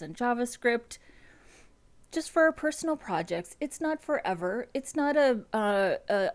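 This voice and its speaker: A woman chatting casually at home as host of a front-end coding live stream, rambling and restarting her sentences. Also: lowish voice.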